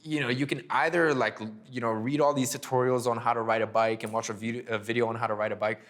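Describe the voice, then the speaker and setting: A young man telling his business story in an interview, animated and full of fillers, acting out conversations. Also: medium pitch, fast talker. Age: young adult. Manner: animated, filler-heavy, acts out dialogue. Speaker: agency owner guest.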